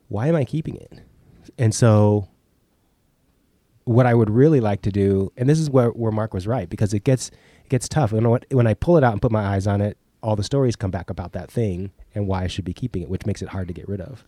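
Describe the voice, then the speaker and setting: A man's voice: lowish voice, a little fast, warm tone, no echo. A middle-aged man with a cold co-hosting a podcast, talking candidly and swearing casually. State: congested with a cold. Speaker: podcast co-host.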